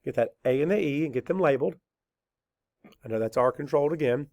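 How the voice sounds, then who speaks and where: A man teaching a spelling lesson, dictating words slowly letter by letter and asking and answering his own questions patiently. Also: fairly high pitch, expressive, darkish tone, no room sound. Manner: slow, deliberate letter-by-letter dictation.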